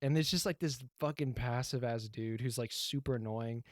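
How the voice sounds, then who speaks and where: A man's voice: medium pitch, moderate pace, no room sound, clean studio sound. Young man ranting casually, swearing. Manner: rambling, profane, acts out quoted lines. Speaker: podcast co-host. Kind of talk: casual chat, recapping a TV show.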